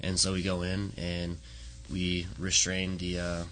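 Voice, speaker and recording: A man who is a soldier, answering interview questions in a halting way with fillers. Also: deep voice, monotone, noisy background. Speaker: soldier guest.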